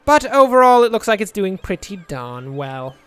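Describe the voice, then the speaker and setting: High, smooth-voiced young man rambling. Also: very animated, moderate pace, fairly bright tone. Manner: rambling, joking, muttering asides to himself. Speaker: let's play host. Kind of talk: casual gameplay commentary.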